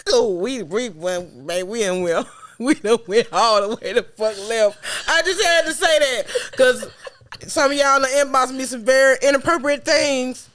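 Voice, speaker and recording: A woman co-hosting a podcast, telling stories in loud, profane, laughter-filled casual chat. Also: high voice, measured pace. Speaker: podcast co-host.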